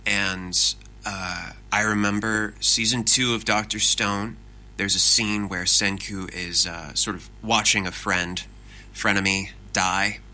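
Male voice actor, low but very bright tone, animated self-deprecating interviewee. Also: slow pace, low-quality recording. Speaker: interview guest. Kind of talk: casual interview talk.

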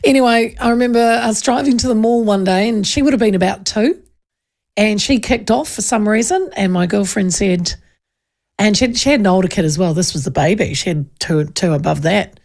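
A woman's voice: mid-range voice, moderate pace. A woman radio host with a New Zealand accent, chatting and telling funny family stories, acting out the voices. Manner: animated storyteller, acts out voices. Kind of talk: casual chat and anecdote.

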